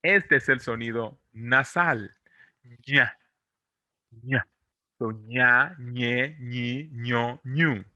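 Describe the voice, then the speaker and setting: A Latin American Spanish teacher, a native Spanish speaker, gives an online pronunciation lesson in a super bright, crisp, mid-range voice, recorded close and dry with no room sound. Patient and encouraging, he drills syllables slowly, repeats them, and gently corrects and reassures.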